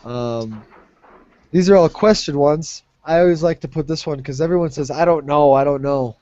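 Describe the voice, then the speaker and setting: A male English teacher with a fairly high yet mellow voice, patiently modeling phrases for his students. The sound is dry and slightly muffled, like a basic classroom recording. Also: normal speed, dry recording.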